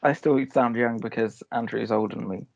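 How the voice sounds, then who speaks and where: A man hosting a podcast in casual chat, upbeat and quick to laugh. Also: medium pitch, steady tone, gravelly, a little mellow, no echo. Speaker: podcast host. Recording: dull dry podcast audio.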